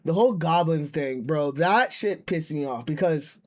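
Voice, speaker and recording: A man's voice: on the high side, lively intonation, moderate pace, a little mellow. A man streaming and reacting, ranting in casual chat with many restarts and rambling asides.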